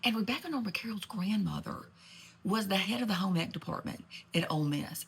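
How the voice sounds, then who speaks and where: A woman tells a comic, gossipy story in a husky voice with plenty of fry. She rambles and throws in asides with genteel sass. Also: mid-range voice, sharp tone. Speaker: comedic storyteller. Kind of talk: comedic monologue in character.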